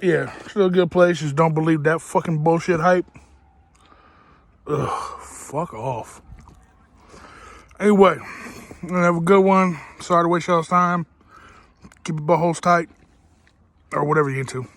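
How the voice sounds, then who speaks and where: A man's voice: fairly high pitch, unhurried, long pauses, dry recording. A man doing a casual food review vlog, swearing bluntly and crudely, sometimes talking while chewing.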